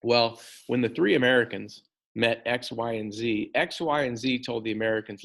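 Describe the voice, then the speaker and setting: A man teaching a history lesson in an animated way, talking straight to his students and often repeating words as he goes. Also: medium pitch, moderate pace, creaky. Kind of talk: classroom lecture.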